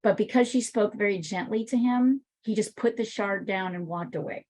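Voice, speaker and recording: A woman's voice: mid-range voice, moderate pace, darkish tone, poor audio. A woman teaching an art class, chatting casually and telling rambling stories.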